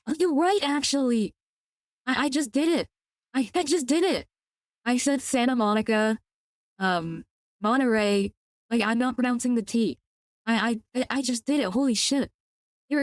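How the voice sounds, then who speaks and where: A woman's voice: a little high, dry recording. A young woman with a Californian accent, chatting casually on a gaming stream, rambling with many restarts and casual swearing. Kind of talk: casual live-stream chat while gaming.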